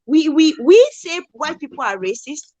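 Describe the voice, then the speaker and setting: A woman's voice: high voice, sing-song, moderate pace, a little mellow, no room sound. A woman from Nigeria, co-hosting a casual live chat and arguing her points emphatically with rhetorical questions. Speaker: co-host.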